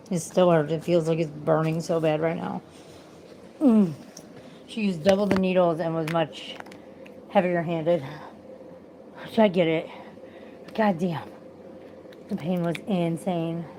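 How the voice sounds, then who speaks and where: A woman's voice: on the low side, steady tone, a little slow, pauses often, noisy background. A tired woman in pain, chatting bluntly and swearing through a casual livestream.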